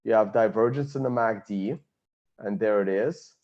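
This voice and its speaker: A man's voice: lowish voice, normal speed, dull audio. A man giving blunt, confident market analysis, thinking aloud as he walks through a chart. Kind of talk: screen-share chart analysis.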